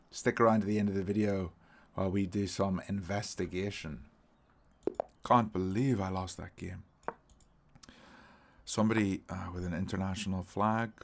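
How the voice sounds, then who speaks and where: A man commenting casually on his own chess games, talking to his viewers as lads. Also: on the low side. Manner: chatty, calls viewers lads, prone to frustrated outbursts. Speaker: chess streamer.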